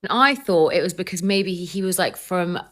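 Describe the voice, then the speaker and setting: A woman's voice: lowish voice, expressive, moderate pace, a bit bright. A young woman with a British accent, telling a personal story in a chatty vlog. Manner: chatty storytelling with acted-out quotes.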